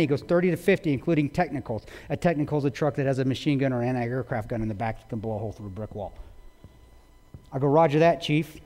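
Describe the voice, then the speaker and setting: A man's voice: fairly high pitch, dark tone. A man giving a public talk, retelling a story intensely with quoted dialogue. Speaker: guest speaker. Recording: long reverb of a large hall.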